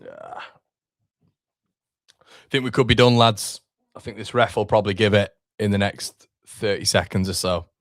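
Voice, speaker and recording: Young man, live fan commentary, frustrated, swears, low voice, dry sound. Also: normal speed, pauses often, dry recording. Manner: frustrated, swearing, talks to chat. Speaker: fan watchalong host.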